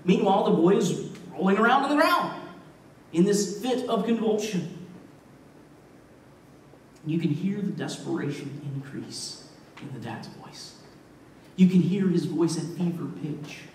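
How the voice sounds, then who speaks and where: A man preaching a sermon as pastor, retelling a story in an emphatic way with shifting loudness. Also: high voice, lively intonation, measured pace, pauses often, slight background noise. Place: church sanctuary. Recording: echoey church hall, mic far off.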